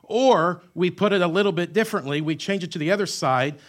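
A man preaching a sermon, who mixes humorous asides with emphatic lines and drops to quiet, stretched-out words. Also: sits high. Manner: wide swings between loud emphatic lines and quiet, drawn-out words; conversational asides and self-deprecating humor. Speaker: pastor.

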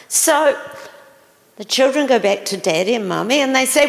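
A woman's voice: high-pitched, sing-song, normal speed, vocal fry. A woman preacher telling stories in a sermon, full of exclamations and questions to her listeners. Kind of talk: sermon storytelling. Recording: long reverb of a large hall.

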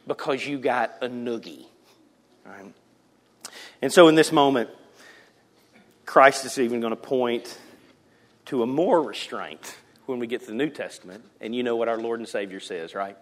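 A man's voice: mid-range voice, moderate pace, long pauses, big-room sound. A man in his forties from the South, preaching a sermon and telling a family story with laughter and acted-out voices. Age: 40s. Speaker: pastor. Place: church sanctuary.

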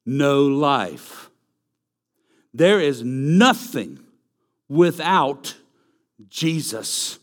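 A man's voice: medium pitch, slow pace. A man preaching a sermon, emphatic and repeating key phrases for stress. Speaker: pastor.

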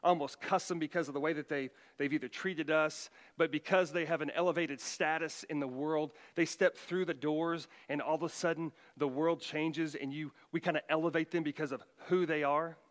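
A middle-aged man preaching a sermon as pastor, emphatic, his voice rising loud for quoted commands. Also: fairly high pitch, fairly even intonation, moderate pace, hardly any pauses, big-room sound.

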